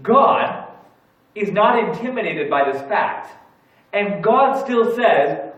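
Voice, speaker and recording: Man, pastor, sermon, animated storytelling, echoey hall, distant mic, slightly raised voice. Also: sits high, slow, lo-fi sound. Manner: storytelling, animated, acts out his own panic. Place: church sanctuary.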